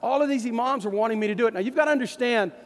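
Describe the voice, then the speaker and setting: High-voiced East Texas pastor telling stories. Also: male voice, racing, in a large hall. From East Texas, USA. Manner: folksy, animated storyteller. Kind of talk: storytelling sermon.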